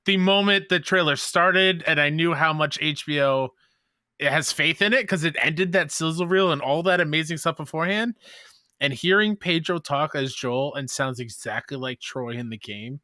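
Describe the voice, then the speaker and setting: A young man co-hosting a casual podcast, gushing with excitement in quick bursts. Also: on the high side, no room sound, clean studio sound. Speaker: podcast co-host.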